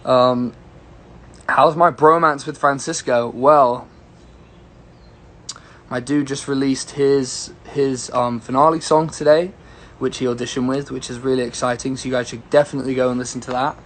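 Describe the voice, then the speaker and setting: A young man talks in a rambling, easygoing way, greeting viewers by name as he answers their questions. His voice sits at an everyday middle pitch. It is picked up on a phone during a casual livestream. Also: fairly even intonation, normal speed, a bit bright. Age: young adult. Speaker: singer-songwriter.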